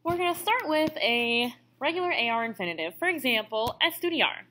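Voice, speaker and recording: A woman records a classroom lesson, walking students through each step with patience. Her voice is bright and clear. Her pitch moves up and down a lot. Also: lively intonation, a little fast, a little hiss or hum. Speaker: Spanish teacher.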